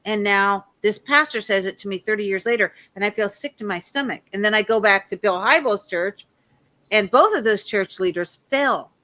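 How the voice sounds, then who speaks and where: Loud, animated woman telling a rambling story. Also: medium pitch, moderate pace. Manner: animated, laughs often, loud. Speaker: guest.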